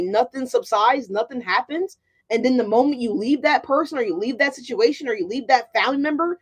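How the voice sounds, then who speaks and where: A woman's voice: high-pitched, a little mellow. A woman doing a casual tarot reading for her viewers, chatty and profane, often asking "right?". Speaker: tarot card reader.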